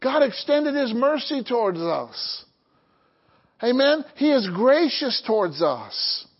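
This pastor's voice sits at an extremely high pitch, slightly rough, and he delivers his sermon slowly but with great animation. He calls to the congregation and asks them to respond, and the sound is lo-fi.

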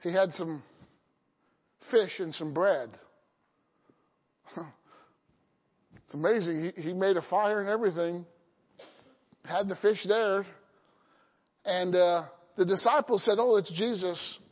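A man preaching a sermon as pastor, lively and acting out Bible scenes in voices. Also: high voice, slow pace, long pauses. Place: church sanctuary. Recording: dull audio with long church reverb.

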